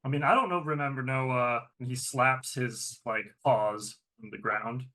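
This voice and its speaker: A man's voice: medium pitch, pushed and bright. A man playing in a tabletop game, chatting casually about dice rolls and his character. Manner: casual, chatty, quick asides. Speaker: player.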